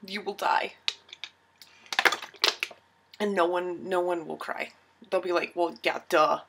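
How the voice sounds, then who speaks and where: A woman's voice: on the low side, steady tone, slow pace, very noisy. A tipsy young woman filming a casual baking tutorial in her home kitchen, giggly, rambling and self-mocking.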